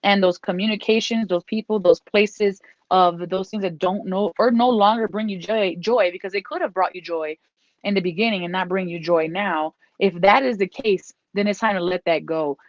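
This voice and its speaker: A woman's voice: medium pitch, normal speed, no echo. A woman giving a casual tarot reading. She is encouraging and repeats herself, and now and then she breaks off to scold her dog. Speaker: tarot reader. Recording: dull lo-fi dry recording.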